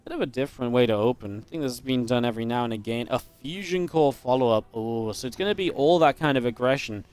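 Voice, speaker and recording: A man giving live play-by-play commentary on a strategy game match, chatty and upbeat with quick reactions. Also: medium pitch, darkish tone, clean tone. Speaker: esports caster.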